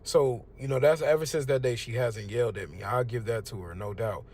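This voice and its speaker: A man's voice: mid-range voice, brisk, darkish tone. A young man from the United States giving a casual religious testimony, preachy and conversational. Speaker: testimonial speaker.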